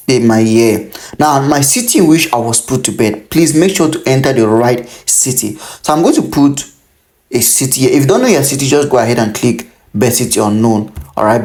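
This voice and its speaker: A man in his thirties from Cameroon talks a viewer through an online application one field at a time. His voice sits at a middle pitch, and he keeps stopping to warn that every detail must be entered correctly. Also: lively intonation, fairly quick, darkish tone. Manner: instructive, repeats warnings to pay attention. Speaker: tutorial host. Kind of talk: screen-recorded how-to walkthrough.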